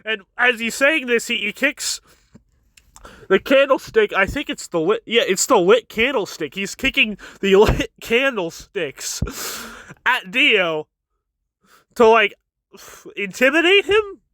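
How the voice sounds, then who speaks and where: A man giving a casual chapter review, excitable, often repeating words as he restarts. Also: extremely high pitch, takes it slowly, no echo. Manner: stammering restarts, chuckling, excitable.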